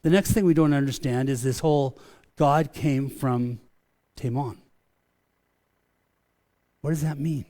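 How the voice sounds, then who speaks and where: A man's voice: medium pitch, measured pace, long pauses, warm tone. A man preaching a sermon in a conversational way, often repeating and restarting words, and calling his own preaching a rant. He sounds middle-aged and speaks as the pastor of his church.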